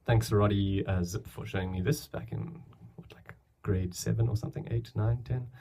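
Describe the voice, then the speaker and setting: A young man films himself on a camera mic, casually explaining beatboxing basics. His lowish voice is husky and dark with vocal fry, holding a steady tone at a moderate pace. He's chatty and loose, often restarting his sentences.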